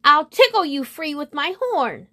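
A woman's voice: high voice, very animated, a little slow, sharp tone, pitched above the performer's own voice, heavily acted. A bossy, proud unicorn, as a woman puts her on. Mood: firm, pleading.

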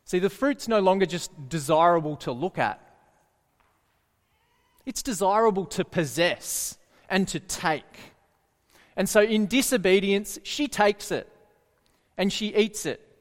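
A man's voice: high voice, expressive, unhurried, long pauses. A man preaching a sermon earnestly, often putting questions to his listeners. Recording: echoey hall reverb.

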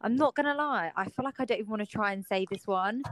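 A woman's voice: medium pitch, fast, fairly bright tone, no echo, poor audio. A woman co-hosting a podcast over a video call, chatty and teasing in casual chat. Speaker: podcast co-host.

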